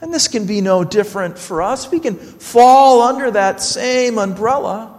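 A man's voice: high-pitched, expressive, unhurried, a little mellow, long reverb tail. A man preaching a sermon as a pastor, earnestly retelling a story and acting out its dialogue.

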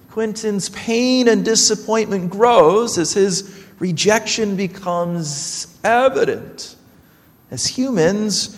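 High-voiced, slow-preaching man. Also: big-room sound. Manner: earnest storytelling with quoted dialogue. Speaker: pastor. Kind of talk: sermon.

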